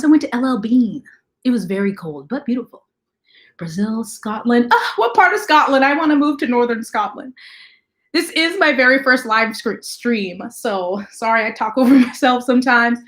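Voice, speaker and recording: Fast-talking, chatty woman livestream host. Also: fairly high pitch, lively intonation. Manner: talks fast, chatty, greets viewers by name. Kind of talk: casual livestream chat.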